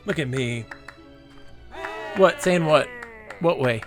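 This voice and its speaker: A man's voice: a little high, slow pace. Goofy guy commentating his game live, rambling jokes, music playing under him. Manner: playful, rambling, jokey, laughs often. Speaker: streamer.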